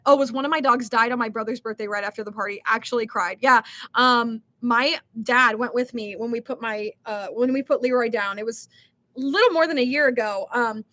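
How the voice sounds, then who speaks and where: A woman's voice: on the high side, pushed and bright. A young millennial woman hosting a casual livestream, reading chat comments and answering with lots of ums, likes and giggles. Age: young adult.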